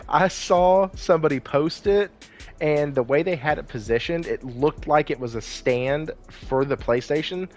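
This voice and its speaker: A man's voice: a little high, takes it slowly, soft background music. A man co-hosting a casual gaming podcast, joking and teasing in an easygoing way. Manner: jokey, laughs often, teasing. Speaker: podcast co-host.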